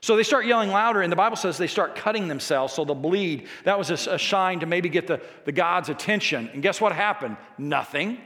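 A man preaching a sermon, telling a scripture story with emphatic, animated delivery. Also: sits high, a little fast, few pauses. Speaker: pastor. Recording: long reverb of a large hall.

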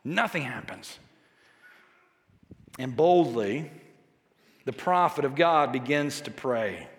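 A man preaching a sermon, telling a scripture story with emphatic, animated delivery. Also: mid-range voice, slow pace. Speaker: pastor. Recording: long reverb of a large hall.

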